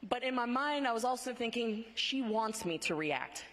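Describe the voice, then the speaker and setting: A woman with a fairly high voice delivers a motivational speech at a conference. She talks in emphatic, punchy bursts and keeps asking her audience "right?". Her voice rings with the long reverb of a large hall. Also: animated, normal speed, background noise. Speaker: conference speaker.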